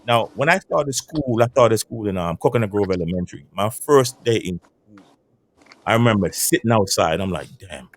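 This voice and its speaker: Lively man telling stories. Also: on the low side, normal speed, no room sound. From Caribbean island. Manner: animated, repeats and restarts words, streetwise swearing. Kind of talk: casual storytelling. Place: barbershop.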